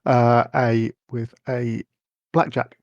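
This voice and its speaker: Gravelly man playing a tabletop game. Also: medium pitch, level tone, slow, no echo. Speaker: player. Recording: dull lo-fi microphone.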